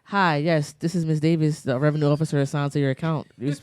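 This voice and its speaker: Brief: woman doing a low, clipped, official phone-line tax officer, Philadelphia accent, rapid and businesslike. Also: fairly even intonation, a little mellow, lightly acted. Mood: stern, official.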